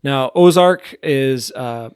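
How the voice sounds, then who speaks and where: A man's voice: mid-range voice, slow pace, darkish tone, smooth, no echo, studio quality. A man hosting a podcast, chatting casually and rambling through a ranking of TV shows, with lots of "like". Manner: rambling, heavy use of "like". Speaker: podcast host.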